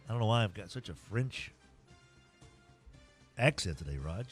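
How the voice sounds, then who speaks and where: A man's voice: lowish voice, big pitch swings, moderate pace, pauses often, faint music behind. A man hosting a sports talk show, folksy and joking as he rambles through scores and a sponsor read. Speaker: sports talk radio host.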